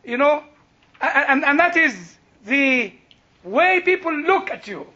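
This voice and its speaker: An older man with an Egyptian accent teaches a Bible class, his very high voice sing-song, unhurried and sharp. His sermon unfolds as chatty storytelling with frequent laughs and restarts, captured in a dull lo-fi recording.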